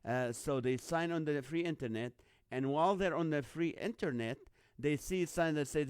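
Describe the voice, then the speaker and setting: A middle-aged man hosts a live online show, chatting loosely and greeting viewers one by one. His voice sits a touch high and sounds smooth and resonant. The sound is dry and close. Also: moderate pace, hardly any pauses, dry recording. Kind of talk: casual live-stream chat.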